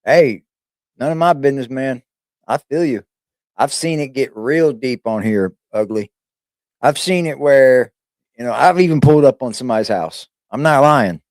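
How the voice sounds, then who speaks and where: A man's voice: mid-range voice, animated, normal speed, darkish tone, no room sound, studio quality. A man giving loose, profane, rambling reaction commentary on a stream, full of slang.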